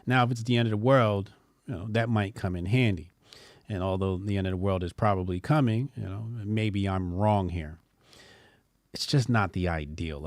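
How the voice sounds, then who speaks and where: A man's voice: sits low, no echo, studio quality. A man hosting a casual opinion show, talking bluntly with rambling, joking asides. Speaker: commentary show host.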